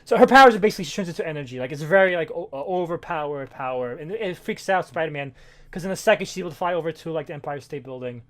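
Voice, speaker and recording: Fast-talking man recapping comics. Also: fairly high pitch, lively intonation, a bit bright. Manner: rambling, swearing, many fillers and restarts. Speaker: podcast co-host. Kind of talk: casual chat recapping a comic.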